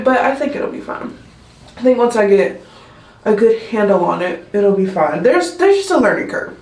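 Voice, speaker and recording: A woman, chatting in a rambling vlog style, full of "like" and "um". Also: medium pitch. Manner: rambling, heavy use of "like" and "um". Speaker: nursing student vlogger. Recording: echoey room.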